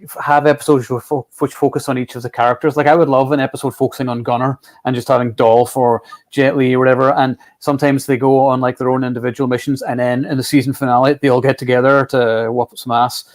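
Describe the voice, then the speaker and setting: A man in his forties with a mid-range voice, talking through film news in a measured, hesitant way. He pauses on "um" and "like" while he thinks out loud. He sounds easygoing and conversational. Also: mid-range voice, little pitch movement. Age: 40s. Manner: measured, hesitant, many "um" and "like" fillers. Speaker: co-host of a movie podcast. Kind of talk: casual chat.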